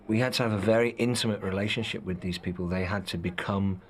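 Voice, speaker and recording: A man's voice: low voice, steady tone, fast talker. A man actor in a documentary interview, telling anecdotes with some hesitation.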